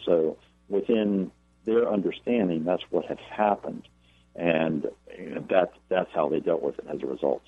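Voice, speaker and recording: A very low-voiced man calls in as a guest and tells a long story, stopping and restarting with fillers and repeated words. His voice comes over a narrow, tinny phone line with no room sound. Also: no room sound. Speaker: guest, paranormal researcher and author. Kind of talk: storytelling interview.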